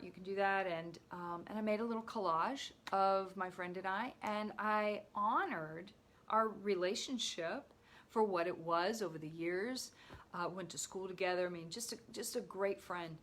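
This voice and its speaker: A woman's voice: medium pitch, fairly bright tone. A woman minister giving an informal live-streamed teaching, talking in a conversational storytelling way with frequent restarts.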